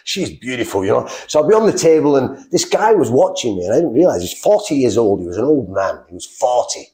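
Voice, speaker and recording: A middle-aged man with an animated, conversational way of telling his story, slipping into other people's voices as he recounts dialogue. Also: medium pitch. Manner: animated, acts out dialogue with quick voice shifts. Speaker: interview guest sharing a faith testimony.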